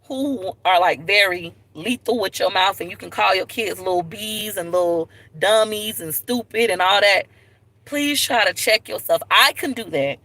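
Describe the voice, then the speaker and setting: A woman speaks straight into her phone on a live stream, open and unguarded as she tells her story. Her voice is bright and forward, with a heartfelt edge and moments close to tears. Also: medium pitch, no room sound, poor audio. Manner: candid, tearful at times, Southern US slang. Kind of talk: emotional personal storytelling.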